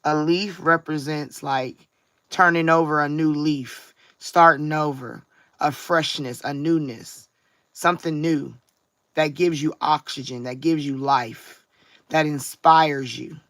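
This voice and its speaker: Bright-voiced woman giving a spiritual reading. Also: low-pitched, steady tone, dry recording. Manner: reflective, drawn-out emphasis, frequent "you know what I'm saying". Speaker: tarot card reader. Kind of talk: live-streamed spiritual card reading.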